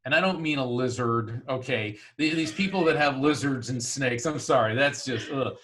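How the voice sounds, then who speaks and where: Guy with a bright forceful voice, chatty medium telling stories, laughs a lot. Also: mid-range voice, normal speed, slight background noise. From Florida, US. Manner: chatty, laughs often, animated storyteller. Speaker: psychic medium guest. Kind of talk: storytelling in an interview.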